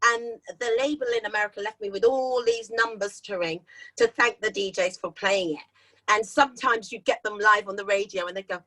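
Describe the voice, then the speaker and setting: A middle-aged woman with a London accent, a singer chatting as an interview guest, animated and acting out the voices in her stories. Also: medium pitch, normal speed, low-quality recording. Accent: London English. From London, England. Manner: animated storyteller who acts out quoted voices. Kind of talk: casual interview chat.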